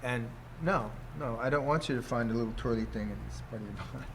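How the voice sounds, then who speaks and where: Older male teacher, relaxed rambling delivery, constant "see?" check-ins. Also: mid-range voice, quick pace, noisy background. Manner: rambling, keeps asking "see?", chuckles often. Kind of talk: casual teaching talk.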